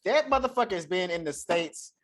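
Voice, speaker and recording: A man with a Southern Texas accent chats on a podcast. His pitch swings widely as he talks. He is animated, laughs a lot and swears freely. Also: fairly quick. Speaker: podcast co-host. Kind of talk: casual chat.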